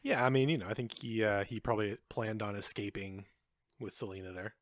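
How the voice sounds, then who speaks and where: A man co-hosting a podcast, talking about films in a relaxed casual way with dry humor. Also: lowish voice, brisk, no room sound. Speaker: podcast co-host. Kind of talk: casual chat.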